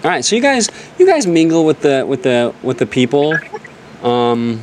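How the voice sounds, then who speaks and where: Animated man running a tabletop game. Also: medium pitch, moderate pace, slight background noise. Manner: animated, joking, self-interrupting. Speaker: game master.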